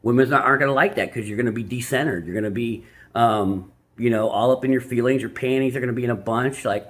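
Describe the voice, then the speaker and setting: A man's voice: medium pitch, fast. Rambling, crude-talking man. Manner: loose and crude, with many restarts and asides. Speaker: vlogger summarizing a self-help book. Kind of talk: casual, rambling talk.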